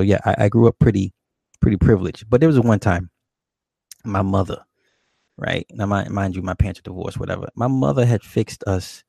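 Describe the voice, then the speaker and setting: A man's voice: low voice, vocal fry, dark tone, dry recording, studio quality. A man hosting a call-in show, telling a childhood story in a laid-back, profane way and laughing often. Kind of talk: casual late-night call-in storytelling.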